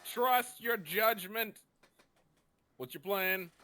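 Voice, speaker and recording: A man's voice: high voice, drawn-out words, pushed and bright. A man running a tabletop game session as game master, in a playful, teasing and sing-song way.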